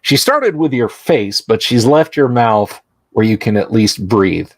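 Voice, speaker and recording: A man narrating a tabletop horror game as game master. He speaks slowly and deliberately, pausing on fillers. His voice sounds dry and close. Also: fairly low pitch, expressive, no echo.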